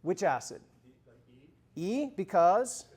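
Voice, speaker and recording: A man's voice: high voice, very animated, slow pace, a little mellow. A man giving a university chemistry lecture in a conversational way, quizzing the class with review questions and adding informal, humorous asides.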